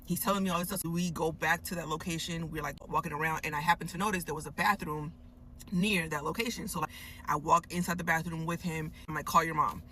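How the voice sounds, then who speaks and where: A woman with a bright, forceful voice tells a story from the seat of her parked car. She talks casually and emphatically, cursing freely, with a faint hiss of noise behind her. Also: deep voice, quick pace, rough recording. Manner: animated, emphatic, swears freely. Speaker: storyteller recounting an encounter.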